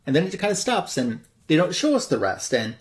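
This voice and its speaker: A man's voice: on the high side, sing-song, brisk. A man hosting a comic book show, casually retelling a story in a loose, rambling way full of fillers. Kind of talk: casual plot recap.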